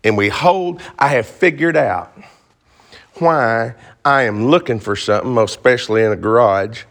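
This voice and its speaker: A man's voice: medium pitch, normal speed, fairly bright tone. A man teaching an interactive Bible class, joking and asking the class questions.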